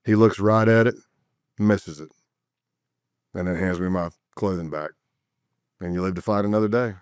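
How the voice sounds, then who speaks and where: A man with a lowish, smooth, resonant voice recounts his undercover days as a podcast guest. He builds his story vividly, acting out sounds and repeating himself. The sound is close and dry, with no room in it. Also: normal speed, no echo. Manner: vivid, animated storytelling with sound effects and repetitions. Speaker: interview guest, former undercover agent.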